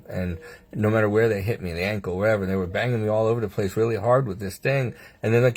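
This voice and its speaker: A man's voice: lowish voice, fairly even intonation, quick pace, a little mellow. A man in a hospital room, telling a casual video diary about his treatment, wry and sarcastic, acting out the doctors' lines and his own replies, laughing between remarks. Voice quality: husky. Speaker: patient sharing a hospital update.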